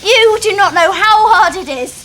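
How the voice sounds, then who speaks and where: An actress playing a lazy, preachy young English barmaid with a whiny manner. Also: female voice, very high voice, lively intonation, moderate pace. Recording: sitcom audio with loud crowd and noise.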